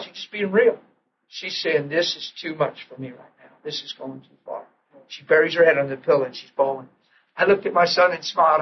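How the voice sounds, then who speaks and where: A middle-aged man preaches a sermon in a fairly high voice, telling a story and acting out the quotes in it. He often drops to a near whisper. The old recording is muffled, with a faint hiss behind it. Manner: storytelling, acts out quotes with sudden hushed drops.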